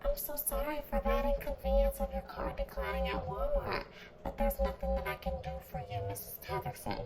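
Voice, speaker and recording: A woman's voice: sits high, wildly swooping pitch, brisk, over music, voice pushed up. A woman voicing an overly polite, sarcastic call center agent.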